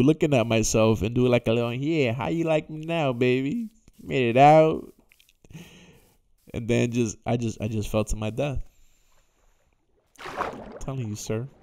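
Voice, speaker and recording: A man's voice: medium pitch, measured pace, long pauses, warm tone, dry recording, studio quality. A young man giving casual, jokey gameplay commentary, talking to himself and to the characters in the game. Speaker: gaming YouTuber.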